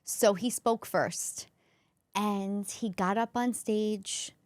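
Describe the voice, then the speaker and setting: A woman's voice: mid-range voice, fairly even intonation, very slow, a little mellow, no echo. A woman shares a heartfelt memory with earnest feeling, stumbling and restarting her sentences as the emotion takes over. Her voice sits in a middle range and is recorded close and dry, with no room sound around it. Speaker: comedian and former school counselor, podcast guest. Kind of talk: heartfelt personal storytelling.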